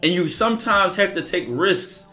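A man with a bright, fairly high voice holds forth in a loose livestream monologue. He talks with heavy emphasis and slips into quick acted-out exchanges. Faint music plays underneath. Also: lively intonation. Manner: casual, emphatic, acts out dialogue. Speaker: streamer.

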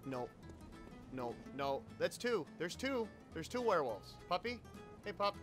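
A man giving excitable, joking let's play commentary, often yelling and swearing at enemies. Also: fairly high pitch, a little slow, music in the background. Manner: joking, sarcastic asides. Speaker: YouTube gamer.

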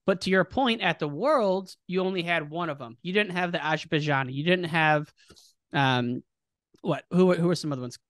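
Brief: male podcast host with a fairly high voice and dry close sound, eager and conversational. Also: fairly bright tone, no echo. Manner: hyped, cheers the guest on, quick follow-up questions. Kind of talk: casual interview chat.

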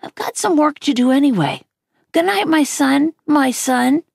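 A woman's voice: high-pitched, animated, unhurried, vocal fry, dry recording, studio quality, pitched above the performer's own voice, full character voice. A woman voicing a playful, affectionate father in a book read aloud. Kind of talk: reading a novel aloud.

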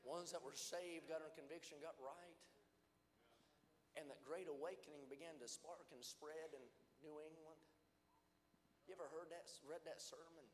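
A man preaching a revival sermon in a church, firing off rhythmic repeated questions and swinging between loud, shouted passages and hushed ones. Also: fairly high pitch. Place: church sanctuary. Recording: long church hall reverb.

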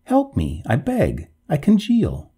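A man's voice: on the high side, wildly swooping pitch, slow, dark tone, breathy edge, pitched above the performer's own voice, full character voice. A man raising his voice into a pleading female water ghost. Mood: desperate. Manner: pleading, melodramatic, rising to wails. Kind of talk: storybook reading.

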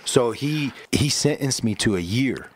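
A man's voice: mid-range voice, a little slow. A man, a pastor, casually telling his life story in an interview, acting out what people said, repeating words and often saying "bro" and "right?". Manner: animated storyteller who acts out quotes, repeats words, says "bro" and "right?".

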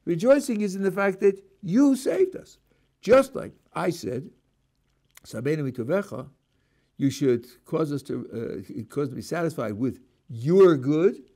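An older man, a rabbi, giving a Torah lecture and acting out the speakers in his examples, sprinkled with Hebrew religious terms. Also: measured pace. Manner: animated, acts out a speaker's voice, rising and dropping pitch. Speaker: rabbi teaching a class.

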